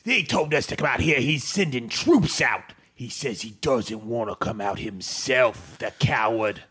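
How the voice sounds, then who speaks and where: A man's voice: medium pitch, lively intonation, measured pace, a bit bright, breathy edge, voice pushed down. A man doing a sly dwarf faking an orc. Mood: scheming. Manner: conspiratorial, scheming.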